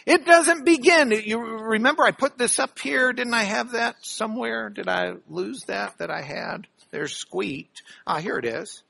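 A man teaching scripture for a radio broadcast, dramatic with sudden loud emphasis and chatty asides asking if listeners follow. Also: high voice, unhurried, vocal fry, few pauses, dry recording. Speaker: Bible teacher.

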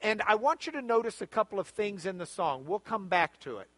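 A man teaches a Bible study lesson, explaining the text in an animated, emphatic way with repeated phrases. His voice sits high and moves fairly quickly, recorded dry.

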